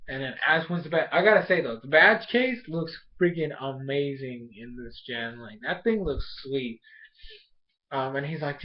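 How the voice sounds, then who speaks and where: A young man casually recapping and reviewing an anime episode, rambling excitedly with lots of fillers and restarts. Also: mid-range voice, normal speed, a little hiss or hum. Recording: dull lo-fi home recording.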